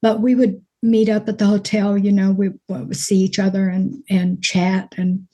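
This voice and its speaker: A woman from Alabama with a mild Alabama accent, chatting as an actress guest in an interview, folksy and quick to laugh. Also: medium pitch, monotone, mellow. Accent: mild Alabama Southern. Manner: folksy, chatty storyteller who laughs easily. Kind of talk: casual interview chat.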